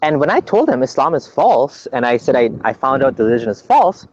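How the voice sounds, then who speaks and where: A man's voice: medium pitch, sing-song, brisk, a little mellow, dull audio, slight background noise. A man being interviewed as a guest, explaining at length in an earnest, conversational way, often restarting his sentences.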